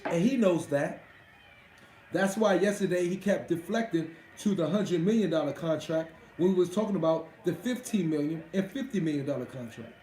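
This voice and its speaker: A man's voice: sits high, darkish tone, echoey room, low-quality recording. A man hosting a live stream, chatting casually with his viewers in a profane, boastful way. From Washington D.C.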